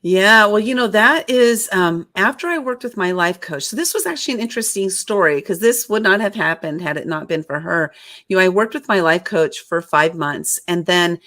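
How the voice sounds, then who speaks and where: A woman's voice: medium pitch, normal speed, dry recording, clean studio sound. A woman in her fifties, a guest author, telling stories in an interview over a video call and acting out what people said. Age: 50s. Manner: lively storyteller who acts out quotes. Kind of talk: storytelling interview.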